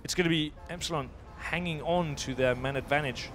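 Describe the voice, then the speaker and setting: A man's voice: on the high side, fairly quick, a bit bright, a little hiss or hum. Chatty man commenting a live esports match. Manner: chatty, laughs easily, thinks aloud mid-sentence.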